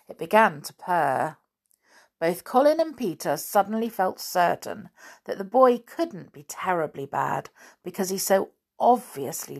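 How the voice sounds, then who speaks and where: A woman reading a children's adventure book aloud in a measured storytelling manner. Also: lowish voice, vocal fry, husky. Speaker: reader.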